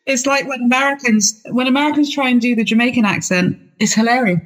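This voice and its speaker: A woman with an English accent, a singer-songwriter guest chatting casually and laughing often, with a dry sense of humor. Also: on the high side. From England. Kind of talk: casual interview chat.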